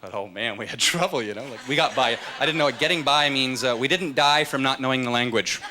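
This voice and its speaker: A man doing a stand-up comedy set on stage, acting out voices and shouts. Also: medium pitch, fast talker, crowd noise. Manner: animated, jumps into shouted voices for characters. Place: comedy club stage with audience laughter. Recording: live club recording, loud audience laughter.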